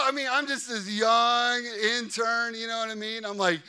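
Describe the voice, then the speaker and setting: A man's voice: high-pitched, fairly quick, few pauses, pushed and bright, smooth. A man in his thirties preaching a sermon in a large church, telling stories with jokey asides and lots of "you know what I mean.". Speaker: pastor. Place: large church before a congregation.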